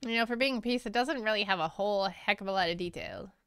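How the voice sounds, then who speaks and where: Bright, crisp-voiced chatty woman streamer. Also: mid-range voice, fast talker, dry recording, studio quality. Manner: chatty, self-deprecating, laughs often. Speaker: streaming artist. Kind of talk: casual chat with viewers while drawing.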